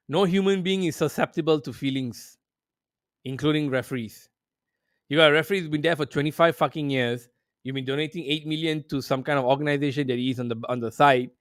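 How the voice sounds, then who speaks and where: A man's voice: a little high, clear, resonant tone, dry recording, clean studio sound. A man hosting a football talk show, ranting in a profane, sarcastic way. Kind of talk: heated casual commentary.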